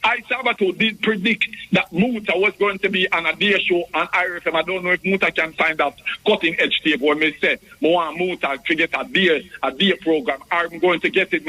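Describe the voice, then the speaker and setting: A man's voice: high voice, pushed and bright. A man with a Jamaican accent calling in to a radio show, rambling and repeating himself with many stumbling restarts, heard over a tinny phone line. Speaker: radio call-in caller. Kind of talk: rambling phone-in chat in patois.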